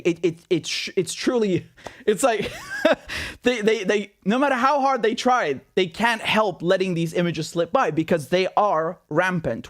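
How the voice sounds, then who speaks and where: A man hosting a political commentary show, talking casually in a sarcastic, indignant rant with swearing. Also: high-pitched.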